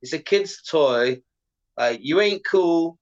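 A man talking as a guest on a casual podcast interview, animated, swearing a lot and filling his speech with "like". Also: on the high side, slow, dull audio. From Britain. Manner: animated, heavy swearing, lots of "like" fillers. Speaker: podcast guest, pro skateboarder.

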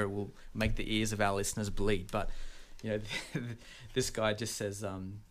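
A young man with an Australian accent talks in a low, steady voice. He is earnest and measured, with a gentle humor that comes through in casual interview chat. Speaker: seminary graduate entering ministry training.

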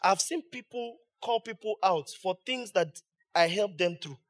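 In an unhurried, slightly bright delivery, this man preaches to his own congregation as its usual pastor. His voice is high, and he presses each point with rhetorical questions and rising emphasis.

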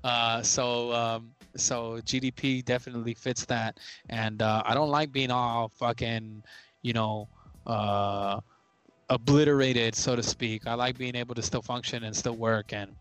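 A man's voice: medium pitch, steady tone, unhurried, fairly bright tone, clear, resonant tone, soft background music. A man in casual podcast chat, laid-back and slangy, with frequent swearing.

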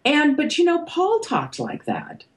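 An older woman, an author and podcast guest, talking reflectively and pausing with fillers as she thinks. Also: high-pitched, huge pitch swings, low-quality recording. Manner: thoughtful, hesitant, with fillers and soft laughs. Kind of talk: reflective conversation.

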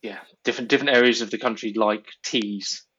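A man's voice: on the low side, fairly even intonation, a little fast, pushed and bright, husky. A man in casual conversation, reflective and stumbling over repeated words as he thinks aloud. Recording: dull lo-fi audio.

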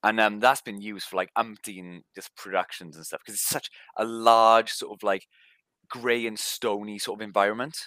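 A man's voice: on the low side, fairly even intonation, moderate pace, pushed and bright, dry recording. A man from Wales with a light Welsh accent, co-hosting a podcast in casual chat, rambling with many fillers and restarts. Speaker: podcast co-host.

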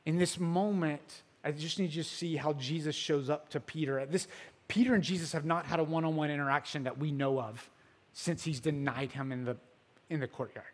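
Guy pastor preaching, kinda high voice, laid-back storytelling, loud then hushed, long hall echo. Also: fairly even intonation, normal speed. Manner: casual storytelling with filler words; swings between loud emphasis and soft hushed passages. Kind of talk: sermon.

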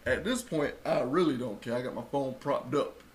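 A man telling a story in casual chat, acting out quotes and rising to loud bursts. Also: medium pitch, normal speed, a little hiss or hum. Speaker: co-host telling a birth story.

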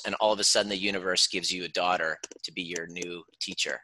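A man's voice: low-pitched, fairly even intonation, fast talker, bright, forceful tone. A man, a chiropractor and educator, guiding someone through an emotional healing exercise with an intense, soothing, coaching delivery. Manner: intense, soothing, swears freely.

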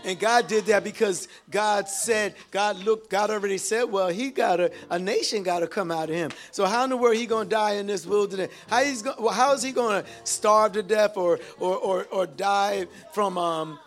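A man's voice: high voice, fairly even intonation, moderate pace, few pauses, a bit bright, soft background music. A man preaching a sermon, reading scripture and calling out to the congregation for responses. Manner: exhorting, calls out to the congregation.

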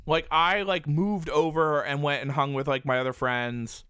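A man's voice: a little high, moderate pace, clear, resonant tone, no echo, clean studio sound. A man telling a long story in casual chat, swearing often and filling with "like". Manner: animated, profane, heavy use of "like".

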